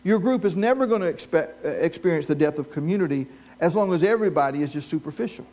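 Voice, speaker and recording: Animated and fast-talking, this pastor has a fairly high, slightly mellow voice. His sermon to a live church congregation mixes storytelling with questions aimed at the listeners.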